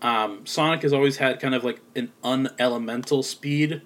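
A man's voice: medium pitch, steady tone, normal speed, fairly bright tone. A man giving a casual spoken film review, rambling with lots of filler words and sounding a little sleepy. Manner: rambling, many ums and likes. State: sleepy, yawning.

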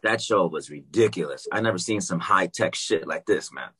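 A man telling a long story in casual chat, animated and swearing freely. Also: sits low, moderate pace, slightly rough. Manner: animated, swears freely, acts out quoted dialogue.

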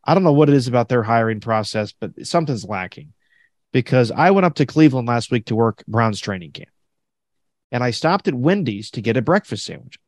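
Chatting casually on his podcast, a man animatedly recounts stories and voices the lines of other people. His pitch is medium, and the recording is dry and studio quality.

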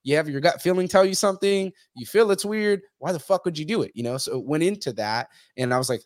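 A man's voice: on the high side, quick pace, hardly any pauses, no echo, studio quality. A young man talking bluntly as a podcast guest, swearing heavily and acting out other people's lines as he tells stories. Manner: animated storytelling, acts out others' lines. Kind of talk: casual interview talk.

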